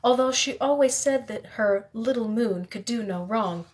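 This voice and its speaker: Lady reading a novel out loud, first person, bit of a higher voice, fixes her slips. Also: moderate pace. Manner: steady reading with occasional slips and self-corrections. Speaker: reader.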